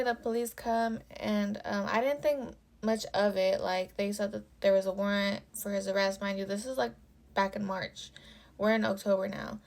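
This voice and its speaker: A young woman tells a personal story for her vlog in a loose, offhand way. Her voice has a lot of gravelly vocal fry. She swears freely and fills nearly every phrase with "like.". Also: mid-range voice, darkish tone. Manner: casual and profane, with constant "like" fillers. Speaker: storytime vlogger.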